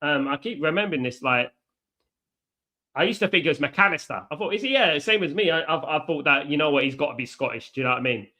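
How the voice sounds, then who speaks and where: A man hosting a live football watchalong, chatty, reacting to play and giving shout-outs to viewers. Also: on the high side, expressive, fast. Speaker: watchalong host.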